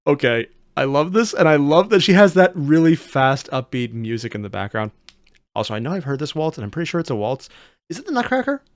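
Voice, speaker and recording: Sarcastic reactor, lively pitch. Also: fairly quick, no echo, clean studio sound. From United States. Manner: sarcastic, jokey, swings between loud outbursts and mutters. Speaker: video reactor. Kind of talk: casual reaction commentary.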